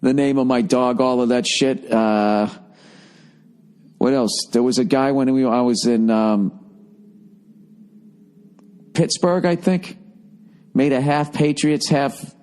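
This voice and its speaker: Man, Boston accent, forties, podcast host, rambling monologue, swears a lot, mid pitch. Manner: profane, storytelling, animated quoted voices.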